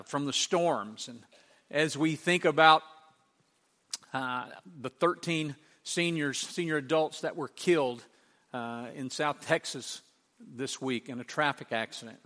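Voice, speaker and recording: Male pastor, bright forceful voice, sermon in a reverberant church, rising emphatic questions. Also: fairly high pitch.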